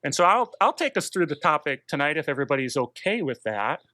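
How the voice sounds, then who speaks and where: Bright-voiced man hosting a podcast. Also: a little high, sing-song, fast talker, no echo. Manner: laid-back, rambling with fillers. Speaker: podcast host. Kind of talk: casual chat.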